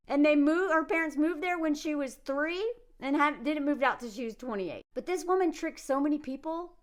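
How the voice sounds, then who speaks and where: A woman from the United States giving casual, animated commentary, sarcastic and laughing often. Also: high-pitched. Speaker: commentary vlogger.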